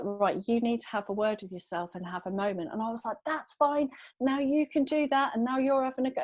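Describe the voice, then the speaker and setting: A woman in her thirties on a video call, talking casually in a group chat and telling a story in a lively, self-deprecating way. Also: medium pitch, no echo, low-quality recording. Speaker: podcast regular in sobriety group.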